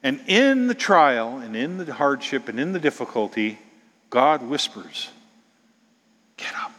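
A middle-aged man preaching a sermon as a pastor, dramatic, dropping to whispers and rising to loud exclamations. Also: medium pitch, lively intonation, a little slow, big-room sound.

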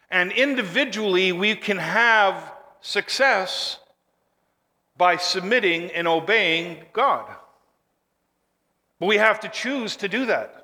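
A male pastor preaching a sermon, emphatic and building to forceful declarations, leading the congregation in call and response. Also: high-pitched, slow pace, long pauses, big-room sound.

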